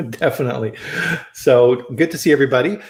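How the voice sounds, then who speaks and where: A man hosts a casual live-stream chat over a video call, friendly and chatty, frequently restarting his sentences. His mid-range voice is brisk and somewhat dark, with a roomy sound.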